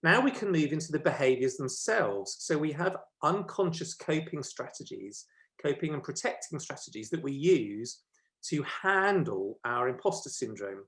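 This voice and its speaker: A man's voice: a little high, sing-song, normal speed, fairly bright tone. Chatty man presenting a workshop. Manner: chatty, checks in with listeners with "okay?"; self-correcting, with frequent ums.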